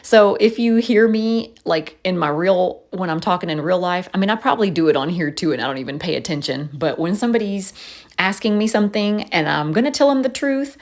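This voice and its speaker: A woman's voice: on the low side, lively intonation, fairly quick. A woman chatting casually in a voice-over, telling stories and laughing often. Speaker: planner vlogger.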